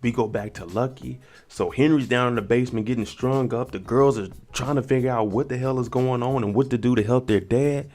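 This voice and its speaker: A man's voice: medium pitch, a little fast, hardly any pauses, a little mellow. A man giving a casual, slangy recap of a TV episode and reacting to each scene as he goes. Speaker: TV recap vlogger.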